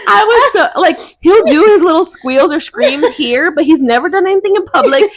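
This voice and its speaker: A woman's voice: very high voice, lively intonation, a little fast. A young woman co-hosting a podcast, telling a story in casual chat and laughing often as she talks. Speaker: podcast co-host.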